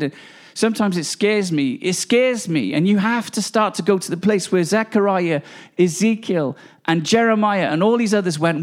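A man preaches in an exuberant, charismatic way. His voice sits high for a man, and he is emphatic and often laughs between his points. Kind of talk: charismatic sermon.

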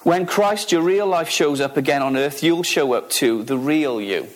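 Guy preaching, high voice, keeps throwing questions at the crowd and repeating himself. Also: moderate pace. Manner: emphatic, repeats key phrases, asks the audience questions. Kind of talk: sermon.

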